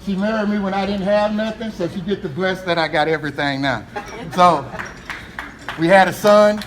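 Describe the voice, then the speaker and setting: An American man with a high voice tells stories to a live audience and laughs often at his own jokes. His voice rings out in an echoey event hall, and there is a lot of background noise. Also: moderate pace. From United States. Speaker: motivational speaker. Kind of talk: humorous storytelling speech.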